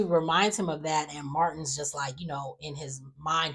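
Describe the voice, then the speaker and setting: A woman's voice: low voice, fairly even intonation, moderate pace, hardly any pauses, a bit bright, breathy edge. A woman casually recapping soap opera episodes, rambling with lots of "like" and "you know" and acting out the characters' lines as she goes. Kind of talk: casual chat.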